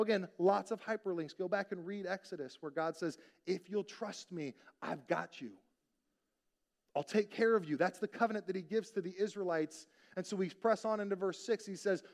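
A male pastor preaching a sermon in a conversational way, asking the congregation questions and acting out quotes. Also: high-pitched.

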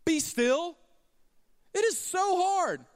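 A male pastor preaching in a church, his fairly high voice swinging widely up and down as he tells stories and acts out what people say. A long hall reverb trails behind his words. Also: slow. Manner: animated storytelling, acting out quoted lines. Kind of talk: sermon. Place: church sanctuary.

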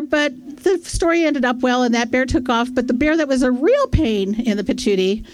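A woman's voice: a little high, brisk, few pauses, a little mellow. A woman telling a casual, self-deprecating anecdote on stage at a storytelling festival, chatty and full of fillers.

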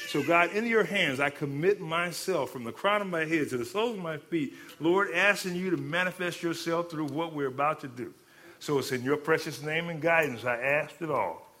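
A male pastor and hospital chaplain telling a personal story in a sermon, swinging from quiet, low passages to loud, fervent peaks. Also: moderate pace. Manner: dynamic, rising to loud fervent peaks then dropping low.

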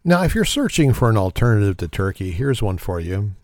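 A man's voice: on the low side, sing-song, a little fast, darkish tone, dry recording, clean studio sound. Wry, chuckling man host. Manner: wry, sarcastic, laughs often. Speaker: podcast host. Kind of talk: casual comedic chat.

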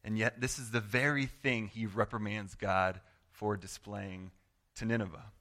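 A man preaching a sermon as pastor, earnest and conversational, swinging from loud to hushed and acting out quoted prayers. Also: fairly low pitch, fairly even intonation, unhurried. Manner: acts out quoted prayers and replies in voice.

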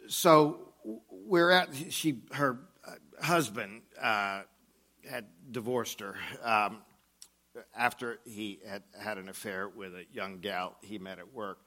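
A middle-aged man telling a first-person story as a mechanic and church elder, halting and hesitant with many pauses. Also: medium pitch, pushed and bright. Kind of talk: first-person dramatic monologue.

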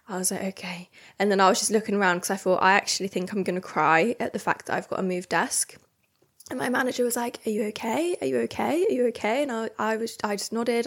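Candid woman telling a personal story. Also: mid-range voice. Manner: candid, rambling storytelling with self-talk and restarts. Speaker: podcast host. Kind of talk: solo confessional podcast chat.

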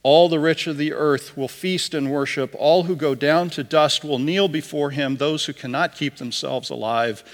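Pastor guy reading scripture slow and solemn, voice a bit high for a man, big church echo. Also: steady tone. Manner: solemn, measured reading aloud. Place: church sanctuary. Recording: long reverb of a church hall.

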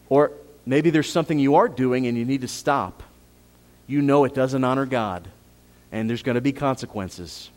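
A man preaching a sermon as pastor, rising to emphatic peaks and dropping to soft appeals, repeating phrases and asking the congregation questions. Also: mid-range voice, moderate pace.

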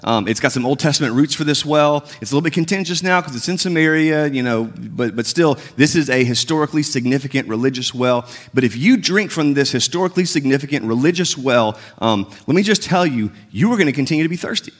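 A pastor preaches a sermon in a casual, conversational way, acting out the biblical dialogue with shifting tones. He's a fast talker with a mid-range voice, lively intonation, and few pauses.

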